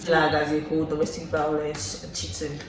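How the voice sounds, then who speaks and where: A man's voice: fairly high pitch, completely flat delivery, normal speed. Young Nigerian guy, earnest, lists his points; far from the mic, very roomy, noisy. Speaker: guest. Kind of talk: casual chat. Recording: very echoey room, voice from far off, noisy background.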